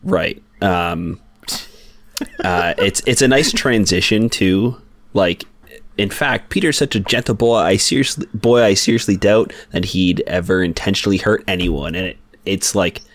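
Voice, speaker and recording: Really deep voiced guy on a comics podcast, lots of ums, kinda halting. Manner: hesitant, many fillers and restarts. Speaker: podcast co-host. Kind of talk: casual chat about comics.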